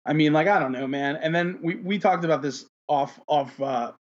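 Husky man rambling on a podcast. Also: on the high side, moderate pace, lo-fi sound. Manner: rambling, heavy on fillers, profane. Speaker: podcast host. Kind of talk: casual chat.

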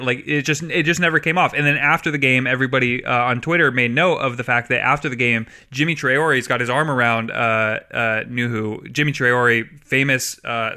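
Male podcast co-host, mid-pitched and bright, chatty and laughing often. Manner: rambling, laughs often, many fillers. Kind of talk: casual sports podcast chat.

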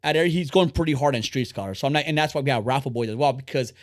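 A man hosting a casual podcast, talking fast and bluntly, rambling and swearing freely. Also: medium pitch, dry recording, studio quality. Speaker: podcast host.

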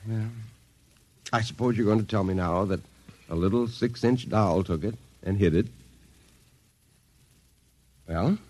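A man's voice: lowish voice, a little slow, long pauses, darkish tone. An actor playing a stern middle-aged army colonel and father in an old-time radio drama, speaking in a firm, commanding way. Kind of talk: vintage radio drama acting.

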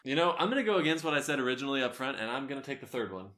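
A man co-hosting a podcast in casual chat, chatty and animated, laughing often. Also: mid-range voice, very fast. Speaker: podcast co-host.

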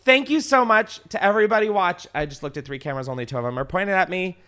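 A man's voice: high-pitched, quick pace, smooth. A man hosting a podcast, telling stories in casual chat, swearing freely and laughing often. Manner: profane, laughing, animated storyteller. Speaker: podcast host.

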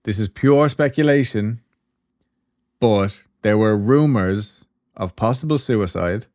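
A man's voice: on the low side, takes it slowly, a little mellow. A man hosting a podcast, telling a story in a loose, chatty way, with swearing and asides. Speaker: podcast host. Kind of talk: casual storytelling chat.

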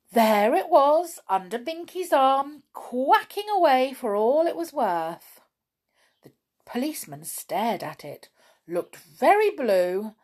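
Woman reading a children's story, unhurried. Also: mid-range voice, darkish tone. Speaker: narrator.

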